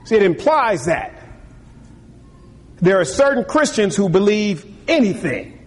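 Animated preacher man in a reverberant hall. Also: sits high, measured pace, husky. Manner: animated, acts out voices of tempters and the king. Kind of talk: sermon.

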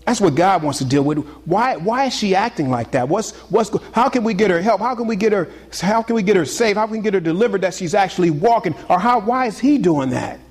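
Husky-voiced man preaching a lively sermon. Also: sits high, fairly quick, hardly any pauses, big-room sound. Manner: lively preaching, swings between loud exclamations and hushed asides. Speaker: pastor.

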